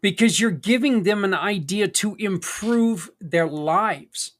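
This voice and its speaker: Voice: medium pitch, slow pace. Podcast host, folksy, rambling, earnest and encouraging, casual monologue. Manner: folksy and rambling, with tangents and mild swearing.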